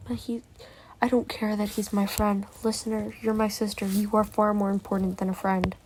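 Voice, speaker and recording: A woman's voice: medium pitch, flat delivery, normal speed, a little hiss or hum, natural voice. A woman voicing a blunt, foul-mouthed sibling who fiercely protects the listener, in an amateur role-play. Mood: protective. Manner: blunt, cursing, sharp-tongued.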